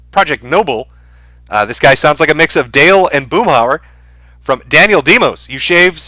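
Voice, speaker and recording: Bright-voiced man reading chat donations. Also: fairly high pitch, dry recording. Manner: dry, sarcastic replies between readings. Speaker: livestream host. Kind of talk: reading viewer donation messages on a livestream.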